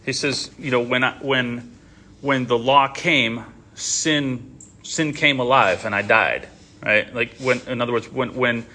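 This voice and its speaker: A man in his thirties leading a casual group Bible discussion, rambling and animated, with frequent restarts. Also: mid-range voice, measured pace. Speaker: Bible study leader.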